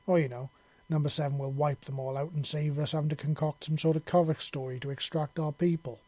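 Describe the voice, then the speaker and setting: Man playing a blunt cursing army sergeant, plotting, mellow low-lit tone, dry recording. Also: flat delivery, fairly quick, no echo, natural voice. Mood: scheming. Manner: blunt, swearing. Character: gruff male army sergeant, scheming.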